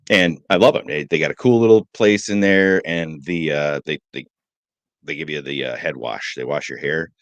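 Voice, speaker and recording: A middle-aged man co-hosting a morning show, telling rambling, joking stories in a relaxed chat. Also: very deep voice, normal speed, no echo. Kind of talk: casual chat.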